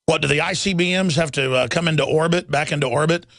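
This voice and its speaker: Middle-aged male talk radio host, gravelly and dry, urgent and emphatic. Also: fairly high pitch, fast talker, fairly bright tone, no room sound. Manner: urgent, emphatic, reads headlines aloud. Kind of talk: impassioned talk radio monologue.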